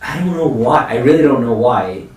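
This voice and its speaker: A man's voice: medium pitch, expressive, moderate pace, a little mellow. A man co-hosting a show, chatting eagerly and loosely. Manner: eager, conversational, loose with fillers. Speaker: podcast co-host. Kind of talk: casual chat. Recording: roomy sound from a distant mic.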